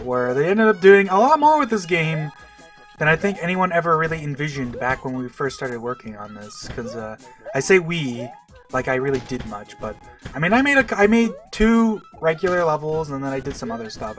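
A man's voice: fairly high pitch, fairly bright tone. A young man from Canada giving casual, rambling commentary over a game, full of fillers and restarts. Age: young adult. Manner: rambling, self-deprecating, many fillers and restarts. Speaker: let's play gamer. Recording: distant mic with faint game music.

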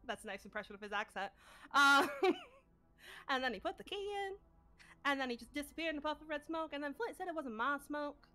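A woman's voice: high voice, animated, a little fast, pushed and bright, soft background music. A woman playing a scatterbrained, stubborn adventurer, recapping a tabletop game session in character with a rambling, forgetful, blunt manner and casual swearing.

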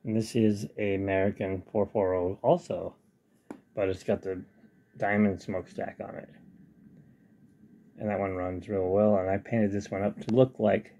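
A man's voice: fairly low pitch, little pitch movement, moderate pace, pauses often, dark tone, dull audio, a little hiss or hum. A man casually talking through his hobby work on a webcam at home, rambling and talking to himself as he tinkers. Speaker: hobbyist vlogger. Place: home hobby room with model train layout.

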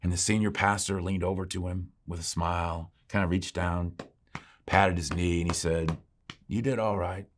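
A man pastor telling a story in a sermon, moving from quiet, slow lines to loud, rising refrains. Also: low-pitched, little pitch movement. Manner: builds from quiet drawl to shouted refrain.

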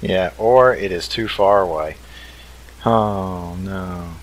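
Deep-voiced man casually narrating gameplay. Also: slow, rough recording. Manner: easygoing, thinks aloud while building. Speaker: let's play host. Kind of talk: casual game commentary.

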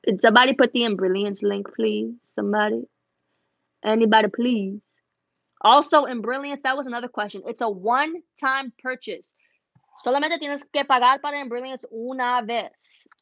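A woman with a somewhat high voice chats casually from her home embroidery studio, answering viewers' questions as they come in. She laughs at herself and moves easily between two languages. The sound is dry and slightly muffled. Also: steady tone, normal speed, a bit bright, no room sound. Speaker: embroidery business owner answering live chat. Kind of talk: casual chat switching between English and Spanish.

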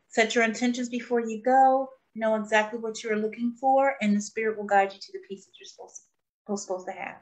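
A woman hosting a casual spiritual group chat, exclamatory and preachy, repeating key phrases. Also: mid-range voice. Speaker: host of a spiritual talk.

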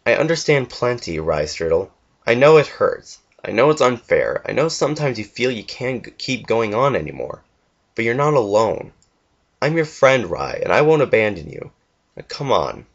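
A man's voice: mid-range voice, big pitch swings, moderate pace. A man voicing a cheerful, loyal young female pony who reassures her friend plainly and kindly, on a dull lo-fi home recording. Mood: reassuring.

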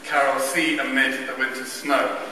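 Speaking at a carol event in a large church, a man tells a funny, self-mocking childhood story, chuckling wryly along the way. His mid-range voice has a level tone and moderate pace. The recording is distant and echoey, with a noisy background.

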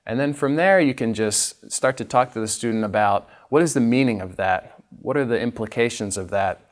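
A man's voice: mid-range voice, moderate pace. A man teaching a literacy training session, patiently demonstrating each step for teachers. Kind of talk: instructional training talk.

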